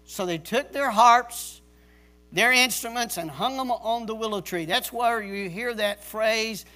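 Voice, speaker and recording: A male pastor, high-pitched and sharp-toned, preaches unhurriedly at a church service. He keeps a stern, emphatic tone, repeating key words for emphasis the way a drill sergeant would.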